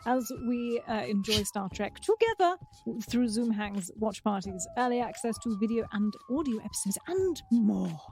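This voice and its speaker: A woman co-hosting a podcast, chatting casually and running through news items in a brisk, amused way. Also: fairly high pitch, lively intonation, dark tone, slight background noise. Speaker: podcast co-host.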